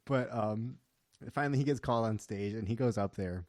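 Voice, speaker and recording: Man, twenties, low voice, dry close sound, chatty comedian, laughs through stories, filler-heavy. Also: a little fast, dry recording. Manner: animated storyteller, laughs often, heavy "like" fillers. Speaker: comedian guest. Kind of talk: casual podcast chat. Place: a house.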